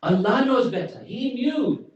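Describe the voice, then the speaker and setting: A man's voice: very high-pitched, animated, measured pace. Emphatic male preacher in echoey hall. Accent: British English. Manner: emphatic, storytelling with Arabic phrases. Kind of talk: sermon. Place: mosque hall. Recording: very echoey, distant, dull hall recording.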